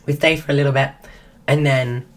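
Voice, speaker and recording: A woman hosting a livestream, telling a story casually and breaking off to greet viewers, acting out quotes in a higher voice. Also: fairly even intonation, brisk. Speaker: livestream host.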